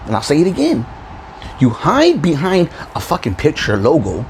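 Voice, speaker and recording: A man's voice: fairly high pitch, wildly swooping pitch, normal speed, slight background noise, low-quality recording. Heated, swearing man ranting on his vlog. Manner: profane, heated, confrontational, with frequent laughs. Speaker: YouTube channel host.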